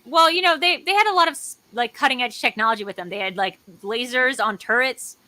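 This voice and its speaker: A woman co-hosting a casual chat over a video call, talking in an excitable, jokey and rambling way. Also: on the high side, fairly quick, no room sound. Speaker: co-host.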